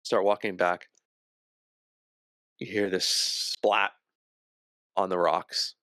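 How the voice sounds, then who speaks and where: A man narrating a tabletop game as game master, describing scenes slowly with pauses. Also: low-pitched, flat delivery, pushed and bright, dry recording.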